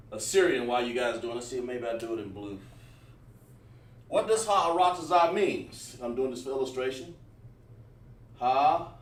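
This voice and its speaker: A man teaching a livestreamed lesson, talking while he writes on a board, with many fillers and restarts. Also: mid-range voice. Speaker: Hebrew teacher. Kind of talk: livestream class. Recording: roomy echo, mic at a distance.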